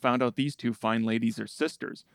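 A man puts on a loudmouth rock-show host for a comedy bit. He swaggers through his lines, trades insults and leans on a gravelly, middle-pitched voice. The sound is dry and close. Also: steady tone, moderate pace, dry recording, close to an everyday voice. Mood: brash, aggressive. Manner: swaggering, insulting, bleeps himself with "effing". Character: brash foul-mouthed male rock-show host.

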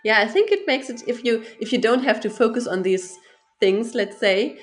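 A woman's voice: on the high side, normal speed, faint music behind. A woman in casual conversation who hesitates, searches for her words and laughs often. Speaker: discussion participant.

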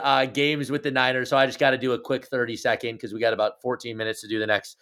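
A man's voice: mid-range voice, little pitch movement, fast, a bit bright. Playful man co-hosting a sports podcast. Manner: playful, teasing, jokey. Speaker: podcast co-host. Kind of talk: casual sports chat.

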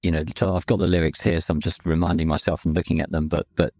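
A man, a songwriter in a band, talking in a halting, emotional way, often repeating words. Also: very deep voice, flat delivery, darkish tone, no room sound. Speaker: lyricist and singer in a band. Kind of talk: reflective podcast chat.

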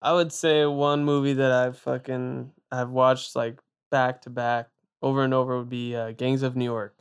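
A man's voice: mid-range voice, flat delivery, moderate pace, clear, resonant tone. A young man co-hosting a casual podcast, laid-back and rambling, with lots of fillers and casual swearing. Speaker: podcast host. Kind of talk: casual chat.

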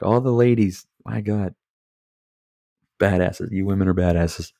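Talking a little slowly, a podcast host with a low, warm voice and vocal fry reviews a movie casually, rambling and swearing between sips of beer. Filler words abound, and the studio-quality recording has no room sound.

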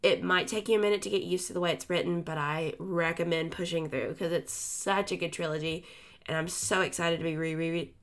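A woman's voice: on the low side, steady tone, brisk. Chatty woman co-hosting a book podcast. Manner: chatty, full of fillers and restarts. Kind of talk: casual book chat.

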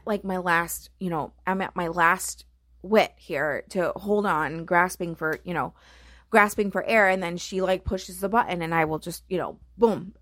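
A woman's voice: fairly low pitch, fairly bright tone, dry recording, clean studio sound. A middle-aged woman speaking as a mother, earnest and reflective, in a heartfelt personal monologue full of "you know" and "right?".

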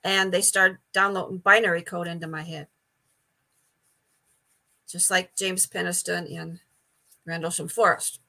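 A woman's voice: on the low side, level tone, a little slow, vocal fry, pauses often, bright, forceful tone. An older woman telling stories as a guest in a casual interview, chatty, stumbling over repeated words and laughing often. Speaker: psychic medium guest.

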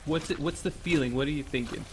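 A man running a tabletop game as game master, guiding the players in a relaxed way. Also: a little high, quick pace, background noise.

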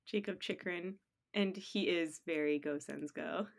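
A woman co-hosting a casual sports podcast, talking in an animated, playful way and laughing often. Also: lowish voice, a little slow, gravelly. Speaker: podcast co-host.

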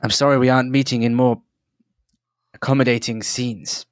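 A man voicing a wounded male high-elf captain who speaks wearily and formally. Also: little pitch movement, moderate pace, dry recording, clean studio sound, natural voice. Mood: weary. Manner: weary, formal.

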